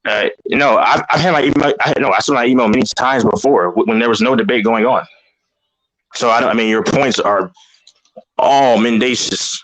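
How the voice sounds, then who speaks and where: A man arguing on a heated online debate panel, talking fast, defensive and repeating himself. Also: medium pitch, a bit bright, dry recording, low-quality recording.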